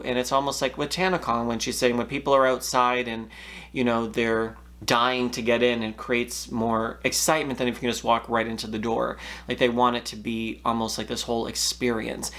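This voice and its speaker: A man's voice: medium pitch, fairly even intonation, fairly quick. A man hosting a commentary video, reading posts aloud and giving his own thoughts in a casual way. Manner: reads quoted posts loudly, then talks casually with fillers. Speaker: commentary channel host.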